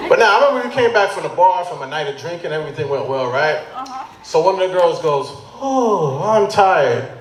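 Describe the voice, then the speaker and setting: A man's voice: fairly high pitch, big pitch swings, fast talker. A man from Hartford, Connecticut, doing a stand-up set with loose, slangy delivery. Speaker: stand-up comedian. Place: brewery bar crowd. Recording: echoey room, noisy bar.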